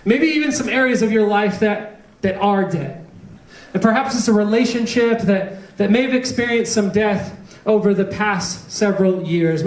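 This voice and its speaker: A man preaching a sermon as pastor, telling a story with humor and animated delivery. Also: high-pitched. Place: church. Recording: echoey church hall, distant mic.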